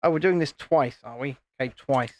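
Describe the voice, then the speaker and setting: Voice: medium pitch, fairly quick, a little mellow. Chatty British livestream host. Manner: chatty, reads chat messages aloud, laughs often. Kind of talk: casual live chat while building. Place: home, indoors, in the evening. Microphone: phone camera.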